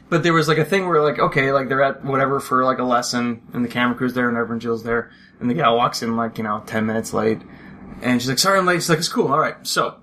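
A man's voice: medium pitch, a bit bright, a little hiss or hum. A man in the middle of a casual podcast chat, telling a long rambling anecdote. He acts out the people he quotes and breaks into laughter as he goes. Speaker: podcast co-host. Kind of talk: casual chat about a film.

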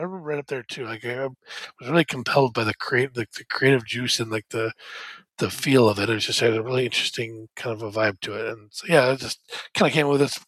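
A man talks in a loose, rambling way on a podcast, full of fillers and restarts. His pitch sits mid-range, and the recording is dry and close. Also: a bit bright, no echo. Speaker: podcast co-host. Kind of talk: casual chat.

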